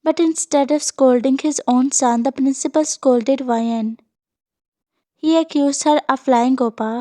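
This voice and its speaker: A woman reading a fan fiction story aloud as scripted narration, in a steady reading voice. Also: high-pitched, normal speed.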